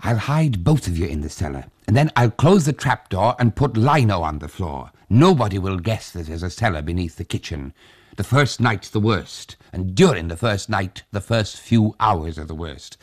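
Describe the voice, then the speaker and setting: A man's voice: deep voice, sing-song, normal speed. A man voicing a stubborn, anxious old village grandfather in a read-aloud story, talking in rambling, insistent reassurances. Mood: reassuring.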